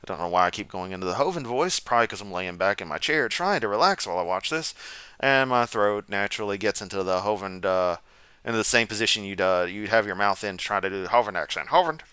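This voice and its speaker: A man's voice: lowish voice, fast, pushed and bright, clean tone, no room sound. A man giving sarcastic, rambling reaction commentary from a chair at home. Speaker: commentary streamer. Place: home room, seated.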